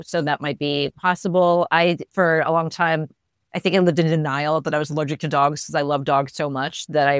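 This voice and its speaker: A man's voice: a little high, a bit bright, clear, resonant tone, no echo, studio quality. A middle-aged man co-hosting a casual chat, rambling wryly about pets and allergies. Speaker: podcast co-host.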